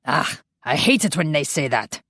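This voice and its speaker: Woman reading blunt, growling vampire fighter, low and dry. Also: lively intonation, moderate pace, fairly bright tone, breathy edge, dry recording, full character voice. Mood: mocking. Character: gruff Scottish male vampire warrior.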